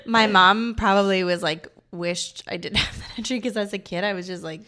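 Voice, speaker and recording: A woman in her thirties co-hosting a podcast, chatting in a peppy, animated way and laughing often. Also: medium pitch, fairly quick. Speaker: podcast co-host. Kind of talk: casual chat.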